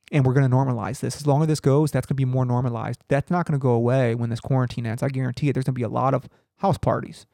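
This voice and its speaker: Gravelly, rambling man telling a story. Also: medium pitch, warm tone, no room sound, studio quality. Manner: rambling storytelling, profane, many fillers. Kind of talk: casual monologue podcast.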